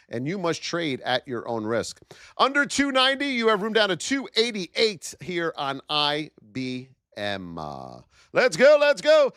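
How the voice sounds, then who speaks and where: Male trading-stream host, 30s, very high, wildly swinging delivery, bone-dry close mic, big hype energy. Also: no echo. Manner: hyped-up, shouts out viewers' names; calls viewers "my beauties". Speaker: trading educator and livestream host.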